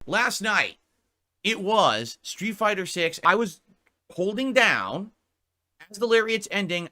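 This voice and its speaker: A man's voice: mid-range voice, pushed and bright. A man ranting on a live stream, reading chat comments aloud and answering them in a profane, exasperated way. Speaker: livestreamer.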